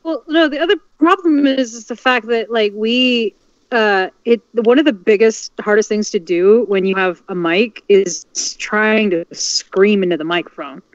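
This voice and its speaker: A woman in casual livestream chat, halting and restarting as she makes her point, talking from home on an online call. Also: medium pitch, dry recording. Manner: halting, many restarts and fillers. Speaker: dub group member. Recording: dull, dry lo-fi mic.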